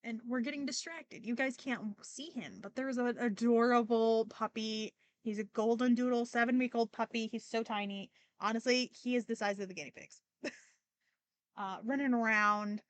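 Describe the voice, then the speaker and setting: A woman's voice: on the high side, steady tone, moderate pace, no echo. A young woman hosting a podcast, talking casually and emotionally with many fillers and restarts, near tears at times. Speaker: podcast host. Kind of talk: casual personal monologue.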